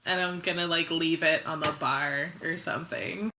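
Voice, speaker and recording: A woman's voice: low-pitched, fairly even intonation, moderate pace, background noise. A woman player describing her plans in casual, hesitant chat.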